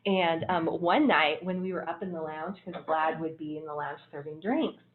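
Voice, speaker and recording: A woman casually telling stories about a trip, animated and laughing often. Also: low voice, normal speed. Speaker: traveler sharing trip photos. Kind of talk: casual storytelling. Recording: tinny phone-like line.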